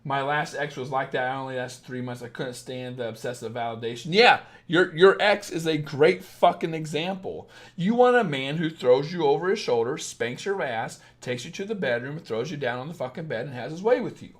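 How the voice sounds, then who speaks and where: A man in his thirties talks through dating questions on a live stream. His voice sits a little high, and his talk is blunt and full of swearing. He drops into low, muttered asides, then breaks into loud, heated rants. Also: expressive, moderate pace, hardly any pauses. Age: 30s. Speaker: dating coach. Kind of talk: live-stream advice chat.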